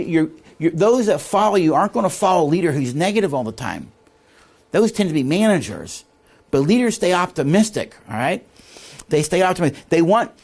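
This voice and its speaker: A man's voice: sits high, a little mellow. A man teaching leadership in a classroom lecture, quizzing his listeners with fill-in questions before a live audience.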